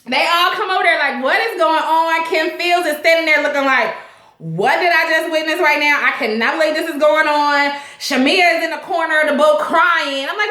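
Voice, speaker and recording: A woman hosts a casual recap of a TV episode, cursing freely and breaking into laughter as she talks. Her voice sits high and sounds bright. The room around her is echoey. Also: moderate pace. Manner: laughs a lot, profane and animated. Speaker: host of a TV recap show.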